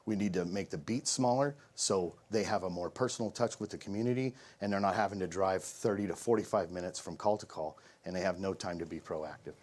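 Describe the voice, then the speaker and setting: A sheriff candidate delivers pointed, emphatic debate answers and rebuttals. His voice sits a little low, pressing each point firmly. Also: a little fast, few pauses, darkish tone.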